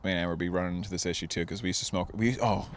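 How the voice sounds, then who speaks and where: A young man talks in a loose, rambling way, plainly high, with plenty of swearing and laughter. His voice sits low. Faint outdoor ambience hangs behind him. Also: fairly even intonation, very fast, slight background noise. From New Jersey. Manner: rambling, laid-back, swears a lot, laughs often. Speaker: guest comedian. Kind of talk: casual chat. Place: outdoors on a porch.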